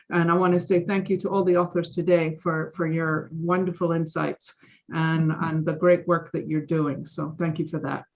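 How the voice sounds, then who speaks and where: A woman's voice: on the low side, highs cut off. A woman on a video call, enthusiastically announcing the next month's guests. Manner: upbeat and enthusiastic.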